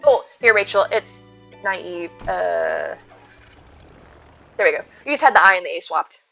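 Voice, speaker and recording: A woman's voice: mid-range voice, expressive, a little slow, fairly bright tone. A young woman casually chatting on a live stream, reading out and answering chat and thanking viewers with giggly asides. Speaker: streamer hosting a game stream. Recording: dull lo-fi stream audio. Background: faint game music.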